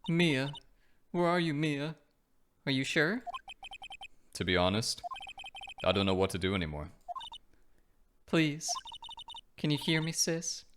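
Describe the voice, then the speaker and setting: Perky high young woman, as a man puts her on. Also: sing-song, slow, long pauses, noisy background. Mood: pleading. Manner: pleading, high-pitched, teasing. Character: perky young woman, spirit-medium sidekick. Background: game music.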